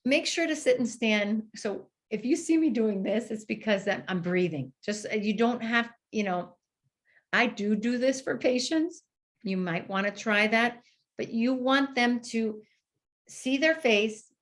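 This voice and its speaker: A woman clinician giving an instructional demonstration to therapists, explaining step by step and modeling the exercise aloud with pauses. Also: on the high side.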